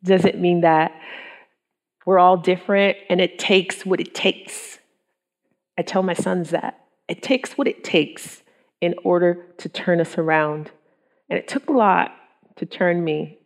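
A middle-aged women's ministry speaker gives an earnest, conversational testimony to a women's group. Her fairly low voice moves a little slowly with frequent pauses, and she often says "um" and voices her thoughts as quotes.

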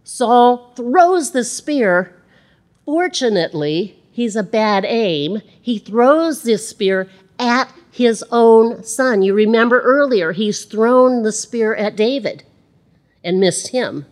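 A woman's voice: on the high side, lively intonation, takes it slowly, a little mellow. A woman giving a conversational sermon, reading scripture aloud and adding chatty asides. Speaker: Bible teacher.

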